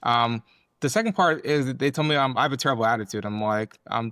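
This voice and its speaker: A man's voice: medium pitch, quick pace, sharp tone, dry recording, clean studio sound. Blunt young man in his twenties. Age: 20s. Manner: blunt, rambling, frequent fillers. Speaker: podcast co-host. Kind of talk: casual podcast conversation.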